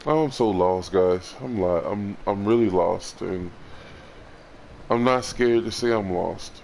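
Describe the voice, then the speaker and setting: A man records an emotional confessional vlog, clearly frustrated and upset, his low, creaky, slightly mellow voice halting and looping back over the same words. He swears along the way, and a faint ambient hum sits behind him.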